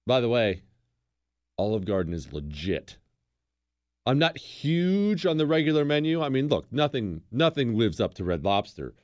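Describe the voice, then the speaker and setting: A man's voice: medium pitch, sing-song, moderate pace, a little mellow, no echo. A man hosting a political commentary show, talking in a sarcastic, teasing, exasperated way. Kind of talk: sarcastic monologue.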